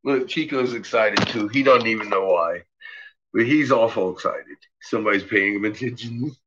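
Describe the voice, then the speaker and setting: Filming his dogs in a house basement, a man comments casually and with amusement, cursing and voicing what the dogs are thinking. His voice is on the low side, fairly bright, at a normal speed. The home video sounds dull and lo-fi, with a little hiss or hum.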